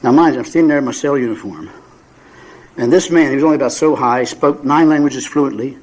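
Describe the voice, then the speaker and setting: A man's voice: mid-range voice, fast talker, darkish tone, poor audio. A man in his seventies telling humorous personal stories to an audience at a recovery meeting, folksy and self-mocking, with frequent fillers and restarts. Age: 70s.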